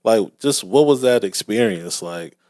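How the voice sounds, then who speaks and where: A man co-hosting a casual interview chat, relaxed and affirming. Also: on the low side, measured pace, no room sound. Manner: relaxed, affirming, frequent "right, right". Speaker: co-host.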